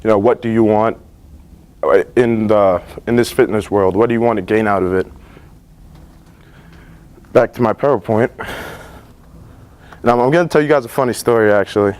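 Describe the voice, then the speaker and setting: A man's voice: on the low side, moderate pace, pauses often, clean tone. Young man giving a class presentation. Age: teens. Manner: relaxed and earnest, with many fillers and restarts. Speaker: student presenter. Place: school library.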